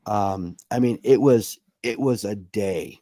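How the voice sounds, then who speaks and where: A man's voice: fairly low pitch, takes it slowly, mellow, no echo. A man on a live stream, telling upbeat anecdotes and checking in with "right?". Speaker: co-host. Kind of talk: casual chat.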